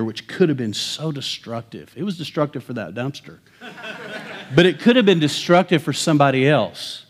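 A middle-aged man preaching from the pulpit, weaving a personal story into the message. His voice sinks almost to a whisper on tender lines, then climbs loud and slow to hammer a point home. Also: mid-range voice. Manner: storytelling, swings from hushed to loud and emphatic. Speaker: pastor.

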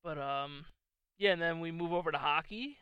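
A man's voice: a little high, moderate pace, clean tone, no room sound, muffled recording. A man co-hosting a sports podcast in casual chat, jokey and self-deprecating, laughing often. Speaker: podcast co-host.

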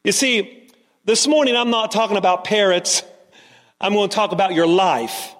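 A man's voice: sits high, normal speed, fairly bright tone, in a large hall. A man preaching a sermon, telling a story and then asking the congregation earnest rhetorical questions. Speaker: pastor.

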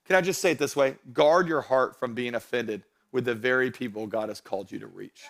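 A young adult man, a pastor, preaching a sermon to his church, building to loud emphatic passages and joking with the congregation. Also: medium pitch, a little fast. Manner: jokes with the congregation. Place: church stage before a congregation.

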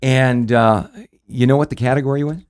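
A man's voice: medium pitch, steady tone, a little fast, darkish tone. A man hosting a radio talk show, telling a story casually with many fillers and restarts.

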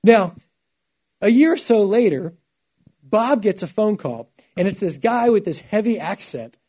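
A male pastor delivering a sermon, his voice sitting somewhat high yet soft and mellow. He tells stories with real energy, swinging from hushed, earnest passages to excited, louder bursts. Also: a little slow. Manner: animated storytelling, shifting from quiet to loud.

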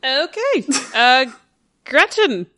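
A woman co-hosting a podcast, keeping the casual chat moving. Her voice sits a little high. She passes the turn to others with teasing, playful questions. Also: sing-song, drawn-out words, pushed and bright. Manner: teasing, steering the talk with questions. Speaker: podcast co-host.

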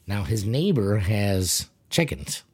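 A laid-back man with a low, dark, mellow voice tells a story in casual podcast chat. He chuckles along as he talks. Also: sing-song, slow pace, husky. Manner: laid-back, laughs while telling stories. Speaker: podcast co-host.

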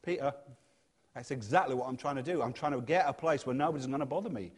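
A man acting out a patient teacher who answers quietly and steadily, as a quote within a sermon. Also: mid-range voice, fast talker, breathy edge, voice pushed down, close to an everyday voice.

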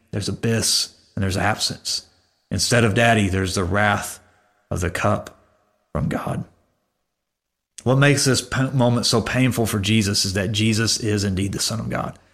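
A man preaching a sermon, earnest, rising for emphasis and dropping to hushed low lines.

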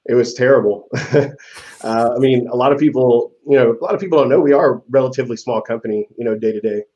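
A man's voice: mid-range voice, quick pace, mellow, highs cut off. A man being interviewed as a guest, talking in a laid-back way and laughing often. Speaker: event promoter guest. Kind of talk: casual interview chat.

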